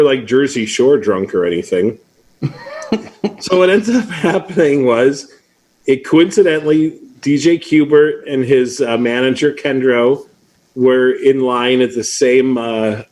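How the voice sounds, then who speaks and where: A man's voice: medium pitch, unhurried. Chatty man hosting a live stream. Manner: chatty storyteller with playful teasing. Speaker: host. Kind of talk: casual chat on a livestream.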